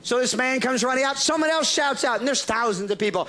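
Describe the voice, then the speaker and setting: A male preacher telling a lively story in a sermon, laughing often and restarting his sentences. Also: extremely high pitch, quick pace.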